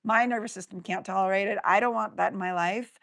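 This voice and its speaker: Earnest woman with a gravelly voice. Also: medium pitch, fairly even intonation, fast talker, fairly bright tone. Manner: earnest, reflective storytelling. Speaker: guest, life coach. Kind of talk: casual interview talk.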